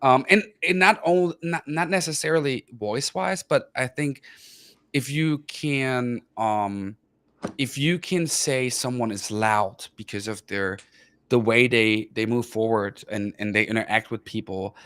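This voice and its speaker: A man from Germany with a German accent, hosting a casual chat and slowly spelling out how words are said. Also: mid-range voice. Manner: explains pronunciations slowly, self-aware about a loud voice. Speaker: host.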